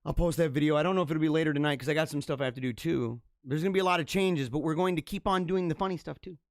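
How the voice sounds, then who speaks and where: A man's voice: on the high side, rapid-fire, no echo. Fervent preaching man, dry close sound. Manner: fervent, preachy, swings from hushed to loud. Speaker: host of a live religious show. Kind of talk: impassioned live-stream monologue.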